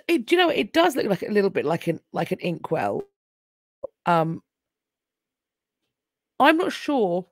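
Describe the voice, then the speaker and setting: A London-accented Englishwoman hosts a casual history live stream, chatty and wry, often breaking off mid-sentence to start again. Her voice sits at medium pitch, and the studio-quality audio has no echo.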